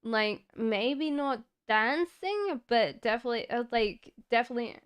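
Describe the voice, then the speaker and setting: A woman's voice: a little high, animated, a little slow, clear, resonant tone. An Australian woman giving tarot readings on a live stream, chatty with many fillers and frequent laughs. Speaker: tarot reader.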